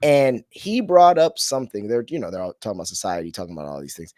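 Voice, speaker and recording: A man's voice: fairly low pitch, very animated, fast, a little mellow, no room sound, clean studio sound. A man hosting a casual podcast chat, rambling and trailing off as he searches for names. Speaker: podcast host.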